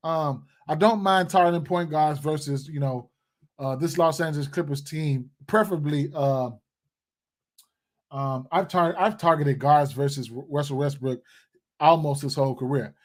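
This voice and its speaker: A man with a fairly high voice chats live with his viewers about sports picks. he talks in a loose, rambling way, full of slang and asides to his audience. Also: moderate pace, a little mellow. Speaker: sports betting live stream host. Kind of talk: casual live stream chat.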